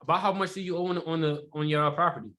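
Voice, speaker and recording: A man teaching sales technique in a relaxed, conversational way, often checking in with rhetorical questions and filler words. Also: a little high, fast. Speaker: sales trainer. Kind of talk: casual sales training talk.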